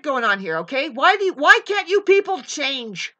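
High, bright-voiced woman ranting profanely. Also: big pitch swings, moderate pace. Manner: heated, swearing, preachy. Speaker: vlogger.

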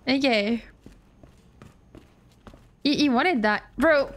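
A woman streamer giving first-time gameplay commentary, excitable, laughing and swearing often as she talks to her chat. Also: sits high, slow pace, pauses often, a little hiss or hum. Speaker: gaming streamer.

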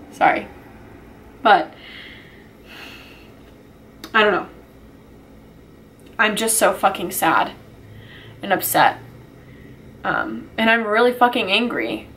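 A woman's voice: medium pitch, animated, slow, long pauses, a bit bright, slight background noise. A woman talking to her small channel in an emotional vlog, upset and swearing, rambling with sighs and restarts. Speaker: YouTuber.

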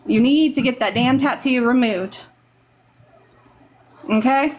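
A woman's voice: fairly high pitch, takes it slowly. A woman from Texas with a Texan accent, giving rambling, earnest, motherly advice on a live stream over a phone mic.

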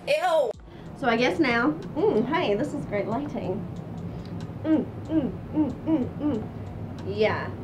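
Young woman, vlogger, casual self-mocking chat, high voice, slow pace. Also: background noise. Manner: chatty, self-mocking, talks to camera.

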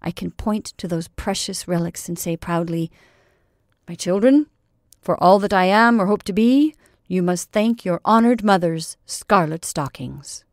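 A woman's voice: fairly low pitch, level tone, normal speed, hardly any pauses, a little mellow, no echo, studio quality, lightly acted. A woman voicing a young male soldier who is proud and teasing, speaking boastfully and earnestly to his sweetheart.

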